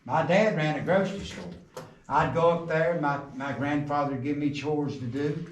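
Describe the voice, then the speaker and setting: A middle-aged man guides a group through an underground coal mine. He tells folksy stories and jokes, and his fairly high voice echoes off the tunnel walls. He is recorded from a distance, with some faint noise behind him. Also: moderate pace. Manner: folksy joking storyteller, quizzes the group. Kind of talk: guided tour talk to a group.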